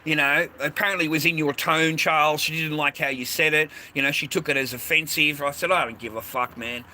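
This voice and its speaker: Speaking fairly quickly in a pushed, bright voice that is a little high, with fairly even intonation, an Australian man vlogs from a city street with traffic going by. His monologue is rambling and casual, blunt and profane, and he keeps calling the listener "mate."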